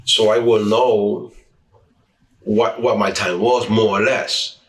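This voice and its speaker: A man from the New York area telling stories in a relaxed interview, slipping into the voices of the people he quotes and stumbling over his restarts. His voice carries a roomy echo, and the mic sits some distance from him. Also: on the low side, slow pace. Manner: lively storyteller who acts out quoted dialogue with repeated restarts. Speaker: interviewee, former street racer. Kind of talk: casual storytelling interview. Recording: roomy sound, mic set back from speaker.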